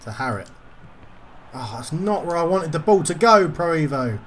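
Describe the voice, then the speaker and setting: A man's voice: fairly high pitch, very animated, normal speed, fairly bright tone, a little hiss or hum. A man commentating his own football video game session, getting frustrated and swearing at the game. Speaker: gaming YouTuber.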